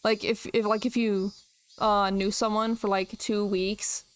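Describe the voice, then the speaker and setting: A woman's voice: mid-range voice, level tone, measured pace. A young woman streamer chatting casually and emotionally while reading a visual novel aloud, rambling with lots of "like".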